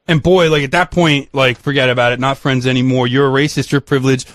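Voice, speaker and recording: A man hosting a podcast, telling a story in casual chat with animated, profane, emphatic ranting. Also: mid-range voice, quick pace, hardly any pauses, no room sound, studio quality. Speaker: podcast host.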